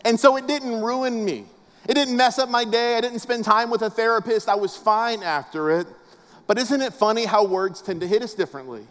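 A man's voice: very high-pitched, normal speed, fairly bright tone. A man preaching a casual, humorous sermon, telling family stories with a preacher's cadence. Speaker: pastor. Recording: long reverb of a large hall.

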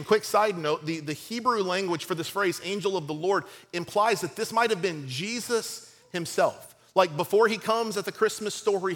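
A man preaching a sermon, retelling a scripture story in a casual, animated way with playful asides and acted-out quotes. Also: high voice. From United States. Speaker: pastor.

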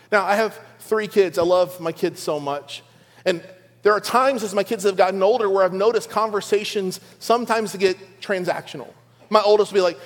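A middle-aged man preaching a conversational sermon to his church, with playful asides to the congregation. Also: high-pitched. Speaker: pastor. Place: large church auditorium. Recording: long church hall reverb.

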